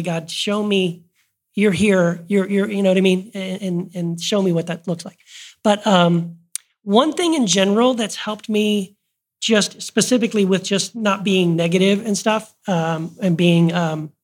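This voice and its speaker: A woman's voice: mid-range voice, normal speed, darkish tone, breathy edge. A woman hosting a podcast, talking earnestly in a casual way, often restarting her sentences, recorded live before an audience. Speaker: podcast host.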